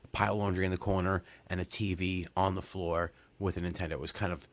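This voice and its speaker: A man's voice: sits low, little pitch movement, fast. A man in his forties from Long Island, telling a rambling, profane story on a comedy podcast, full of fillers and restarts. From Long Island, New York. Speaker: podcast co-host.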